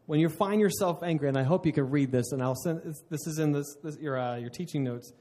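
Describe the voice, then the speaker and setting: Man, pastor, sermon, earnest, fairly high voice, self-correcting. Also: fast, mellow. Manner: earnest, restarts mid-phrase, laughs at himself.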